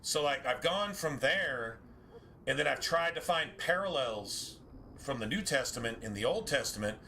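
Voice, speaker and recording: A man's voice: mid-range voice, sharp tone, a little hiss or hum. A man streaming a game, chatting casually with viewers in a rambling, musing way, correcting himself and swearing now and then.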